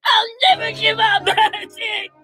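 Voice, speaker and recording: A woman voicing a whiny older female politician in a satirical sketch, wailing and shouting in mock despair. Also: extremely high pitch, steady tone, takes it slowly, faint music behind, exaggerated voice.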